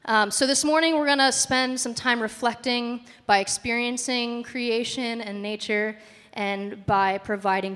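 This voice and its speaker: A woman's voice: fairly high pitch, a bit bright. A woman leading a church service, talking in a chatty way with fillers. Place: church hall. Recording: reverberant church hall.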